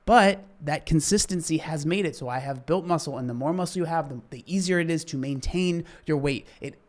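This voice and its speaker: A man reacting to a video clip with casual fitness commentary, earnest and quick to get worked up, then apologizing. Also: fairly high pitch, darkish tone.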